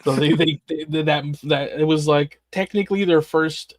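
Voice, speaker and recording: A man's voice: on the high side, normal speed, no echo. Male co-host, Spanish native, rambling casual chat, dry mic. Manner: rambling, many restarts and fillers. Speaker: co-host of a fan livestream.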